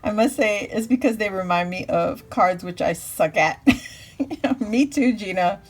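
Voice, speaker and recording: A woman's voice: mid-range voice, unhurried. A woman vlogger opening and gushing over handmade birthday crafts for her viewers, talking casually and laughing often. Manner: gushing, squealing with delight, lots of laughter. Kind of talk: casual unboxing chat to viewers. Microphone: phone camera.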